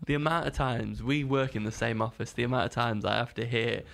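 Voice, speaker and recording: A man co-hosting a casual podcast, dry and skeptical, quick to correct his partner. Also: medium pitch, vocal fry, fairly bright tone. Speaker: podcast co-host.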